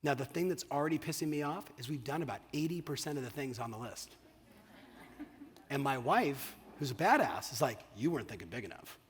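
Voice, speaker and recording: A man's voice: fairly high pitch, a little fast, slight background noise. Punchy, profane man giving a keynote. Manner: energetic, profane, asks the crowd "you with me?". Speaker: keynote speaker. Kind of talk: motivational keynote speech. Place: large hall on stage. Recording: long hall reverb.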